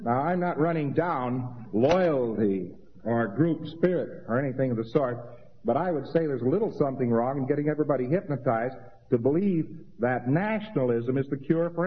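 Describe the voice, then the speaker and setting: A man giving a rambling, conversational lecture with mocking asides. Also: medium pitch. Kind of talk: informal lecture to an audience. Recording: dull lo-fi old recording in a reverberant hall.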